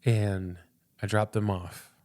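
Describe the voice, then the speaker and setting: A man's voice: lowish voice, level tone, slow, darkish tone. A young man and pastor, a podcast guest, telling a personal faith story in an earnest, casual way, often repeating words and saying "dude".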